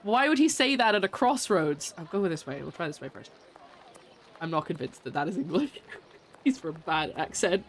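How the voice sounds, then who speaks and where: A woman's voice: fairly low pitch, sing-song, normal speed, slight background noise. A woman streaming a video game and chatting casually as she plays, giggling often and making fun of herself. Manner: giggly, chatty, self-mocking. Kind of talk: casual let's-play commentary.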